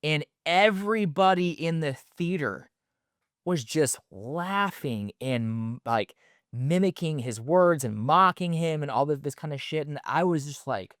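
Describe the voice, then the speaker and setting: A man's voice: a little high, expressive, unhurried, fairly bright tone, dry recording, clean studio sound. Rambling thirties man with a stutter. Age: 30s. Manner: rambling, filler-heavy, loose and candid. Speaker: podcast host. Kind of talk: casual podcast monologue.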